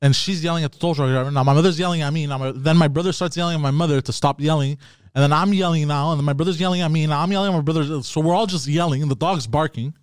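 A man's voice: a little high, rapid-fire, clear, resonant tone, dry recording, clean studio sound. A man casually telling a long, rambling story with profanity and frequent restarts.

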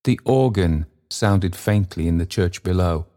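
A man narrating an audiobook in a measured, unhurried manner. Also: deep voice, warm tone. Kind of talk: audiobook reading.

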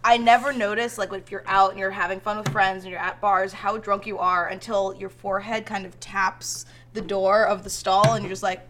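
A woman's voice: mid-range voice, level tone, normal speed, few pauses. A woman co-hosting a podcast, talking playfully and enthusiastically in casual chat. A crowd can be heard in the background. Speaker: podcast co-host.

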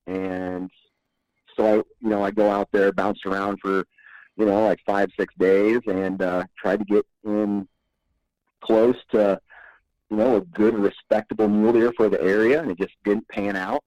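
A man's voice: fairly low pitch, little pitch movement, a little slow, a little mellow, dry recording, dull audio. A man guesting on a podcast, telling stories in a laid-back, rambling way and chuckling often. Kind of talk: casual podcast storytelling.

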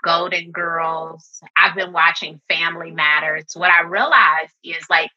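A woman in her forties with a low, husky voice and a bright, forceful edge, answering interview questions as a therapist in a reflective, calm way. The audio is dull and lo-fi, like a remote recording. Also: normal speed. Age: 40s. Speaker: therapist guest.

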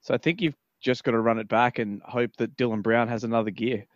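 Fast-talking man, dull lo-fi audio. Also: medium pitch, fairly even intonation, no room sound. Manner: quick, blunt opinions. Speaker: podcast co-host. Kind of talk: casual sports chat.

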